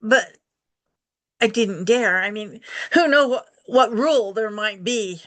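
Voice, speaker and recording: A woman telling a story aloud to a group, voicing the characters' lines with lively shifts in pitch. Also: slow, dry recording. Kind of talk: oral storytelling performance.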